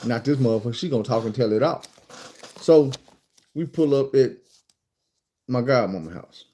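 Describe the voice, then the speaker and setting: Southern american man, casual storytime, profane and animated, mellow warm tone. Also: mid-range voice, moderate pace. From Arkansas, USA.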